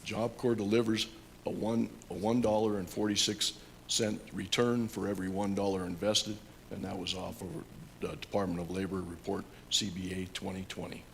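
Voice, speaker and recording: A man with a very low voice speaks before a council, stopping and restarting often as he reads his points. A faint hiss sits under the recording. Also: flat delivery, vocal fry. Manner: halting, with many fillers and restarts. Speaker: public commenter, union carpenter instructor. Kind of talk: public comment at a council meeting.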